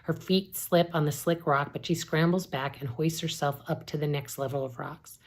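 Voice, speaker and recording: A woman, an English professor, reading a novel aloud in a steady, measured narration. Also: sits low.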